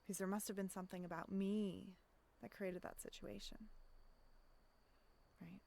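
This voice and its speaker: A woman speaking as a life coach in a casual self-help monologue, reflective, often checking in with "right?" and pausing for audible deep breaths. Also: flat delivery, gravelly, darkish tone, slight background noise. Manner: acts out inner voices in quotes.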